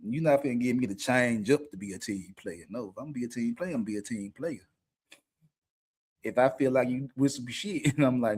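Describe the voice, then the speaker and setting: A man's voice: medium pitch, brisk, a little mellow, slightly rough. A middle-aged man talking candidly as a podcast co-host, blunt and profane, often laughing mid-sentence. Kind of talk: candid unscripted talk.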